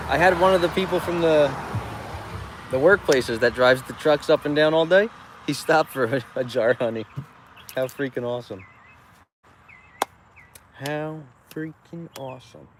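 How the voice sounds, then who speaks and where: A rambling, joking male farmer talking casually to his livestream viewers from a roadside stand. He laughs often and wanders from thought to thought. Passing traffic is clearly heard in the outdoor recording. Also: a little high, moderate pace. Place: outdoors beside a busy road.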